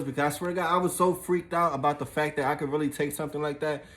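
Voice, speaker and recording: A man's voice: fairly high pitch, fairly even intonation, fast, hardly any pauses, fairly bright tone. Young man telling a loose profane story. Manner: loose and profane, with frequent fillers and laughs. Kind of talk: casual storytelling.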